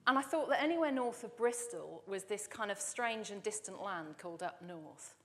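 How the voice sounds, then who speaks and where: A woman's voice: medium pitch, long reverb tail. A woman from Dorset giving a chatty, storytelling sermon as she introduces a reading. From Dorset, England. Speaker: church speaker introducing a reading.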